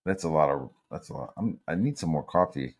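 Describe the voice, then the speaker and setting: A man's voice: rumbling low, animated, a little fast, a little mellow. A man hosting a podcast who tells stories in a rambling, profane casual chat full of fillers. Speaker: podcast host.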